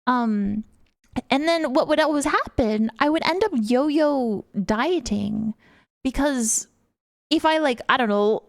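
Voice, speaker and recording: A woman's voice: high-pitched, expressive, takes it slowly, dry recording, studio quality. A young woman streaming, chatting casually and affectionately with viewers.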